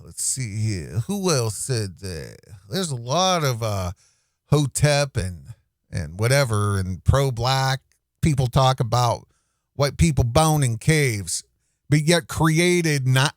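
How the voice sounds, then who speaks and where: A man's voice: medium pitch, dry recording. Guy ranting over a clip, stops and restarts a lot, dry close mic. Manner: rambling, indignant, with frequent restarts. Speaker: commentary host. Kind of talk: casual reaction commentary.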